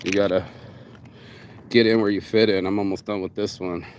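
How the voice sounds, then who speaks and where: A man's voice: low voice, level tone, normal speed, a little hiss or hum. A man vlogging in a casual, rambling monologue, profane and streetwise, calling the listener bro. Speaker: vlogger and shirt designer.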